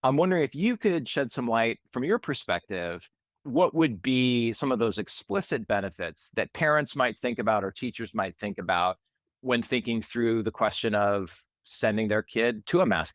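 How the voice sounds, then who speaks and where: A man's voice: lowish voice, animated, normal speed, a bit bright, no echo. A man hosting a podcast, asking a guest long, thoughtful, reflective questions. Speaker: podcast host. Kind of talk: interview questions.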